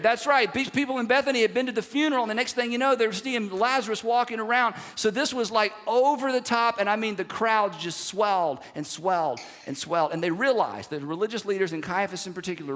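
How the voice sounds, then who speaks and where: A man preaching a sermon, animated and conversational, throwing rhetorical questions to the congregation. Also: high voice, in a large hall. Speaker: pastor. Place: large church sanctuary.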